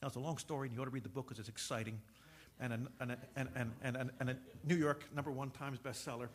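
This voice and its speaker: A man preaching a sermon, telling a personal story with humorous asides and repeating words, moving between loud preaching and soft confiding. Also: medium pitch, fairly even intonation, fast talker.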